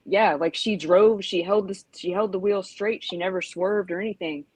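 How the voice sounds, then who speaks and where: A woman's voice: mid-range voice, steady tone, moderate pace, husky, no echo, poor audio. A woman in her forties telling a rambling story in casual chat, full of "you know" and "like", acting out yelps. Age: 40s. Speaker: podcast host.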